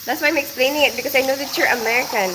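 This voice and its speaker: A woman's voice: high-pitched, very fast. Woman, grew up in the philippines, raised voice, casual livestream chat, laughs often, faint background noise. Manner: chatty, laughs often, answers viewers by name. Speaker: live-stream host. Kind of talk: casual live-stream chat reading comments. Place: home in North London.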